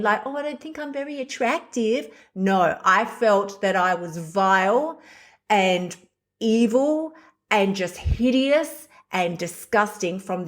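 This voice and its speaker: A middle-aged woman hosting a podcast, speaking candidly and bluntly in a confessional solo monologue, swearing freely. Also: mid-range voice. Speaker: podcast host.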